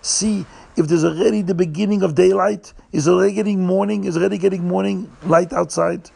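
A man voicing an elderly saintly rabbi in a told story, with a gravelly, husky voice raised a little above his own. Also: high voice, steady tone, fairly quick, dark tone, voice pushed up, exaggerated voice. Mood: urgent.

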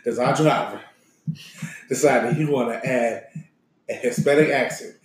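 A man's voice: mid-range voice, moderate pace. Chatty man in an echoey room. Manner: animated, laughing, mimics others' voices. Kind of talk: casual storytelling chat.

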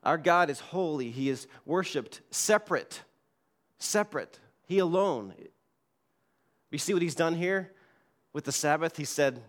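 A man's voice: on the high side, lively intonation, normal speed. A man preaches a sermon from the front of a church with a slightly raised voice. His delivery is earnest, and he repeats key words for emphasis as he reads scripture aloud. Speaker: pastor. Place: church sanctuary.

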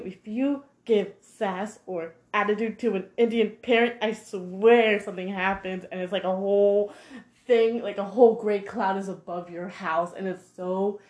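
A woman ranting casually to camera in an animated, heated way, filling her talk with "like". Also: medium pitch. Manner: animated, heated, heavy use of 'like'. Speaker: vlogger. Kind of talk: casual monologue rant. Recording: echoey room.

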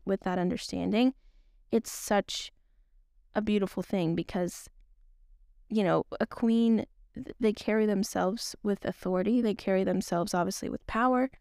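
A woman's voice: medium pitch, creaky, dark tone, clear, resonant tone, dry recording, studio quality. A young woman hosting a podcast, talking in a casual, earnest, rambling way with many restarts. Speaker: podcast host. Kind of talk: casual faith talk.

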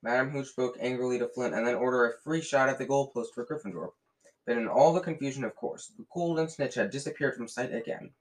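A man reading a novel aloud in a lively way, often slipping and restarting words. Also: medium pitch, fast talker, poor audio. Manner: lively, with frequent slips and restarts. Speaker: reader.

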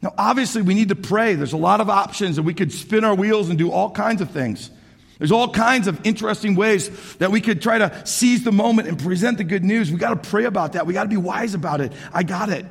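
A man in his forties preaching a sermon as pastor, animated, swinging from shouts to hushed asides. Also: high-pitched, a little fast, vocal fry, breathy edge. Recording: echoey hall.

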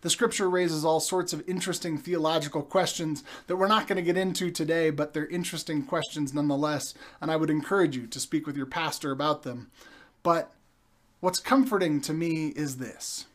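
Man preaching a slow, story-led sermon. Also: a little high, steady tone.

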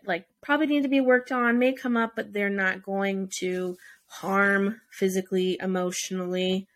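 With a mid-range voice and noticeable vocal fry, this young podcast host delivers heated, no-nonsense relationship advice, peppered with curse words and fillers.

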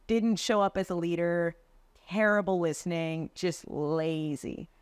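Her voice lowish and a little slow, with a clean tone and a dry recording, a young woman tells stories from her sales work as a podcast guest on a video call. She's chatty, leans heavily on "like" and "dude," and acts out people's quotes in this casual interview.

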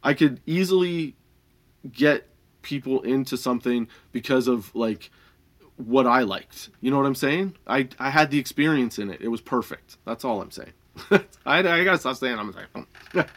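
A man casually telling stories about his old dispensary job, laid-back, swearing freely and laughing often, and high while he talks. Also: moderate pace, fairly bright tone. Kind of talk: casual storytelling monologue.

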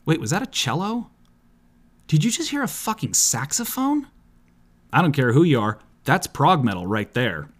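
Man doing a brash metalhead dude, husky, high and excitable, swooping pitch. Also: fairly quick, hardly any pauses. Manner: blunt, loud, excitable. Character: brash adult male metalhead fan Barry. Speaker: comedic character bit.

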